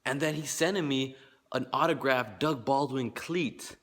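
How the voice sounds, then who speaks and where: A man's voice: medium pitch, unhurried, fairly bright tone. A man telling a personal story to his vlog viewers in a rambling, repetitive way, full of casual slang and quoted back-and-forth. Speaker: fan vlogger.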